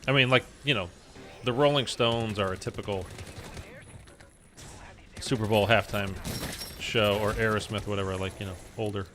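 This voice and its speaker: A man's voice: lowish voice, fairly even intonation, normal speed, pauses often, pushed and bright, a little hiss or hum. A man streaming a video game, chatting casually in a rambling way full of fillers. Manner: rambling, filler-heavy talk. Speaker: live streamer. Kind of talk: casual chat while gaming.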